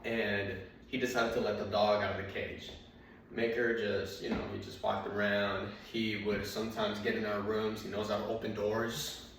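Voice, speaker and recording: A man tells stand-up stories in an unhurried, meandering way, stopping often on fillers and restarting his sentences. His fairly low voice rings through a very echoey room. The mic sits some distance away, with faint noise underneath. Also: little pitch movement, vocal fry, fairly bright tone. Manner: rambling, filler-heavy anecdotes with frequent restarts. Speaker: stand-up comedian. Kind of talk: stand-up storytelling.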